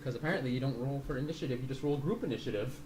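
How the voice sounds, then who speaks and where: A man's voice: medium pitch, very fast, background noise. Rambling man running a tabletop game. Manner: rambling, muddled by the rules, casual swearing. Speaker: game master. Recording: roomy room sound.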